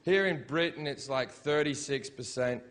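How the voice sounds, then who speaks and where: On a live stage in Britain, a stand-up comedian rants profanely and sarcastically through his routine. His voice is mid-range and a bit bright, moving at a moderate pace.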